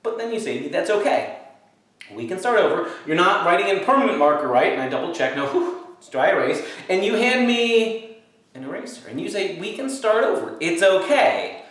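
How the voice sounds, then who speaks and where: A man's voice: high voice, very animated, fairly quick, a bit bright. A male pastor giving a children's Sunday school lesson, telling a playful story and acting out both sides. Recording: very echoey room, mic far off.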